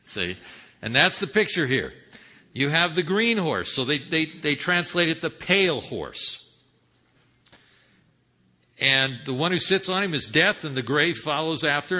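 Male preacher teaching scripture, husky and very bright, lively pitch, dull lo-fi recording. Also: measured pace. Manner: teaching Bible verses with rhetorical questions; swings from hushed to emphatic. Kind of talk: sermon. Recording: dull lo-fi sound.

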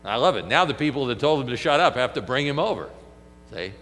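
A man preaching a sermon, animated, firing off rhetorical questions and acting out quoted speech. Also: medium pitch, fast, soft background music. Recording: long hall reverb with mains hum.

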